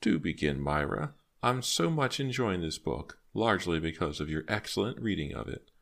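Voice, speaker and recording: A man reading aloud voices a frail, sly old woman with a slow, sweetly sharp drawl. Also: deep voice, very animated, gravelly, pitched above the performer's own voice, exaggerated voice. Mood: genteel, teasing. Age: older.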